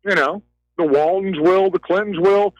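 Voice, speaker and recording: A man's voice: high voice, normal speed, dry recording, lo-fi sound. A man ranting heatedly on a talk radio call, repeating himself and swinging between outrage and despair. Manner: agitated, ranting, repeats words.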